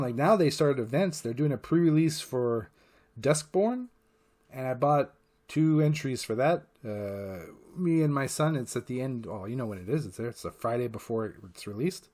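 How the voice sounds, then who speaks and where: A man rambles through a casual vlog monologue in a voice of ordinary middle pitch. He swears freely and fills his sentences with uhs and restarts, talking like he's chatting to a friend. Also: expressive, normal speed, darkish tone. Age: adult parent. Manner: rambling and profane, heavy with fillers. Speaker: channel host.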